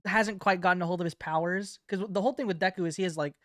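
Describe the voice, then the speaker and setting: A woman's voice: fairly low pitch, quick pace, a bit bright. A young woman co-hosting a podcast in casual chat, blunt and opinionated, swearing freely. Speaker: podcast co-host.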